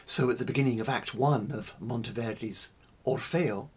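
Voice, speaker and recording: A man teaching early music in a slow, deliberate spoken lecture, stressing single words and pausing between them. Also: mid-range voice, breathy edge.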